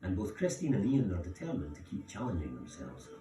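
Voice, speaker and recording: A man narrating a documentary in a measured, scripted way. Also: low-pitched, wildly swooping pitch. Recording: roomy sound, distant from mic, music bed.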